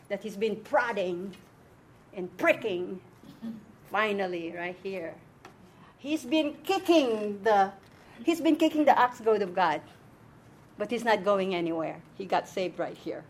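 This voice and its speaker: A woman's voice: medium pitch, unhurried, a little hiss or hum. A woman teaching an informal Bible and Hebrew lesson to a small group, explaining step by step and often checking that her listeners follow.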